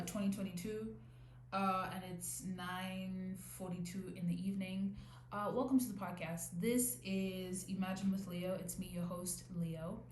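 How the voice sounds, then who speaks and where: A young woman talks through her solo podcast in a loose, rambling way, often stopping to correct herself. Her voice sits at an ordinary pitch for a woman. The room rings with echo and a faint noise hums underneath. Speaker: podcast host. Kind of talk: casual solo podcast talk. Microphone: new podcast mic.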